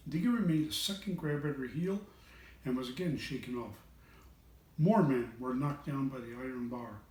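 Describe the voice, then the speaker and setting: A man reading a children's storybook aloud in an expressive voice, changing voices for the characters. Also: mid-range voice, moderate pace, far from the mic. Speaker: reader of children's books. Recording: echoey room, away from the mic.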